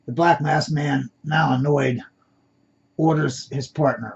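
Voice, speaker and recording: A man's voice: fairly high pitch, fairly even intonation, takes it slowly, creaky, breathy edge. A man reading his own story aloud, unpolished and correcting himself as he goes, on a dull lo-fi recording.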